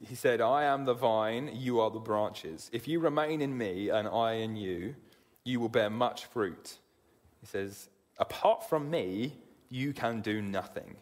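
A man preaching a sermon in an earnest way, often repeating words as he begins a sentence. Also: mid-range voice. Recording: long hall reverb.

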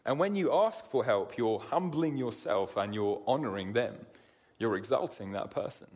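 A man's voice: mid-range voice, expressive, moderate pace, darkish tone. A man preaching a sermon in an earnest way, often repeating words as he begins a sentence. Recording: long hall reverb.

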